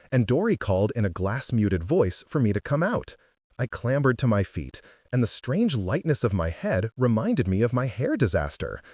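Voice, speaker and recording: A man narrating an audiobook in an animated, expressive way. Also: mid-range voice, no room sound, clean studio sound. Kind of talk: scripted narration.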